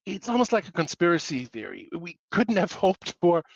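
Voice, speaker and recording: Guy doing a jokey webinar talk, kinda high voice, dry muffled sound. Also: sing-song, moderate pace, gravelly, no room sound. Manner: playful, full of pop-culture analogies and self-mocking asides. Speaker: webinar presenter. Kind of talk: joking webinar presentation.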